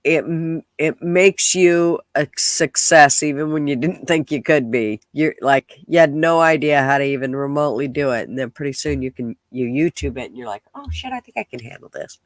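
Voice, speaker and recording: A man's voice: fairly high pitch, moderate pace, few pauses, dry recording. A congested man hosting a rambling, casual livestream chat with a nasal, stuffed-up voice. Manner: rambling, chatty, swears casually. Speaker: podcast host.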